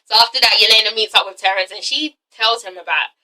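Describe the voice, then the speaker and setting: A woman casually recapping a TV episode, animated and profane, often slipping into the characters' voices. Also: medium pitch, fast, far from the mic, low-quality recording. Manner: animated, profane, acts out characters' lines with laughter. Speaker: TV show reviewer.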